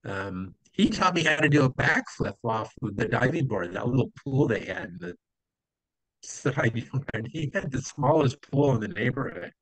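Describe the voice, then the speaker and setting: As an interview guest, a man tells old stories in a rambling, casual way, using many fillers and acting out the people he quotes. His mid-range voice is animated at normal speed, with no echo but a low-quality recording.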